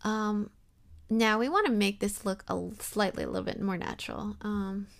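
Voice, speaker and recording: A young woman talking casually through a software tutorial, rambling and self-deprecating, with lots of fillers. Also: mid-range voice, steady tone, normal speed, vocal fry. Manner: rambling and chatty, full of fillers. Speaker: tutorial host.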